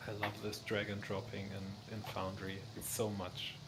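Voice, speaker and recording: Male player, very slow, gravelly voice, hesitant and thinking aloud. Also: on the low side, completely flat delivery, background noise. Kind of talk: tabletop game play. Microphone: video call.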